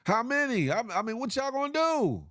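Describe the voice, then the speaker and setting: A man's voice: extremely high pitch, very animated, a little fast, a bit bright, dry recording, studio quality. A man hosting a casual morning livestream show, giving a repetitive, motivational rant full of slang and laughter.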